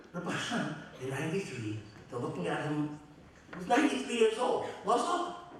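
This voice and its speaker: A middle-aged man, a rabbi, giving a heartfelt, halting eulogy with many restarts. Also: a little high, big pitch swings, a little hiss or hum. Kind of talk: eulogy at a memorial gathering. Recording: very echoey hall from far off.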